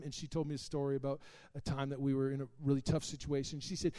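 Guy with a high voice preaching his testimony, goes quiet then loud, real emotional. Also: fast. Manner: emotional storytelling that swings from hushed to loud, exclaiming. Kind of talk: testimony sermon to a congregation.

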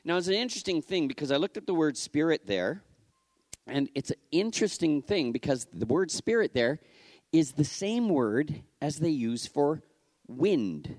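A man preaches in a relaxed, conversational way, his pitch rising and falling freely. He talks like he is chatting with the congregation. The sound is dry, with no room echo. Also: normal speed. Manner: animated, casual, acts out the scripture quotes. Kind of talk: conversational sermon.

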